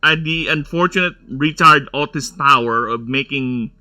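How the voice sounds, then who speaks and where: Sharp-voiced man rambling over gameplay. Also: medium pitch, moderate pace. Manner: rambling, nerdy tangents, frequent laughter. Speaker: gameplay streamer. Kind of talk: casual gameplay commentary.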